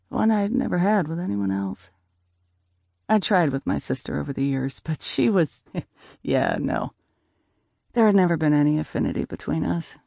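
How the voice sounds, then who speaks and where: Male audiobook narrator, mellow and dry, measured conversational read. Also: on the high side, creaky, no room sound. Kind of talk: first-person audiobook narration.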